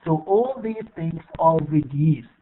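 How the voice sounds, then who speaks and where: Guy teaching english online, kinda high voice, lots of uhs and restarts. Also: lively intonation, a little hiss or hum. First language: Arabic. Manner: halting, repeats words, many fillers. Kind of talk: bilingual online lesson. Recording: tinny phone-like online call audio.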